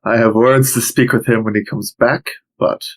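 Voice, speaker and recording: Man voicing ship captain NPC, polite and even, mid-pitched. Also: normal speed, lightly acted, rough recording. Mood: requesting. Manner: polite, asking favors.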